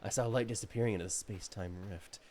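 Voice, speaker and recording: A silky, ingratiating young game character with an unsettling warmth, as a man puts him on. The lines come soft, low and drawn out, read straight off the game's text boxes. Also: quick pace, slight background noise, natural voice. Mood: smooth, ingratiating. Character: smooth, flattering young male game character. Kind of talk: reading game dialogue aloud.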